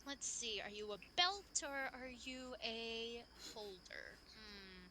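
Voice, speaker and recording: A woman voicing a gentle, fussy male blacksmith who murmurs and hums to himself. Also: on the high side, lively intonation, takes it slowly, background noise. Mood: doting.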